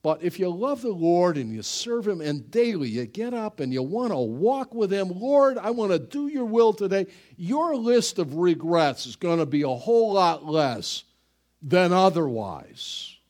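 A male pastor delivering a passionate sermon. His voice swings widely in pitch, and he takes his time, stretching out his words. Every now and then he bursts into a loud cry. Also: sing-song. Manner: impassioned preaching, slow and dramatic with sudden loud exclamations.

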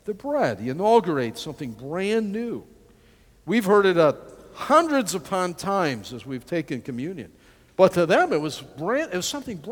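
A man preaching a sermon in an emphatic, animated way with frequent restarts. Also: high voice, moderate pace. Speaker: pastor. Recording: long hall reverb.

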